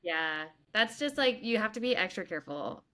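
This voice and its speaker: A woman's voice: mid-range voice, lively intonation, moderate pace, pushed and bright. A woman who hosts radio, chatting casually as a podcast guest in an easygoing, agreeable way. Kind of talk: casual chat with a friend.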